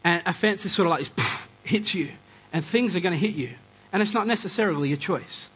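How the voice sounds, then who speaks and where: A man preaching a conversational sermon, animated and acting out quoted voices. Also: high-pitched, brisk, slightly rough, rough recording. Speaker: pastor.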